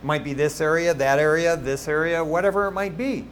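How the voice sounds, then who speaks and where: A man preaching a sermon as pastor, telling stories in a lively, conversational way with asides to the congregation. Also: fairly high pitch, fairly quick, a little hiss or hum.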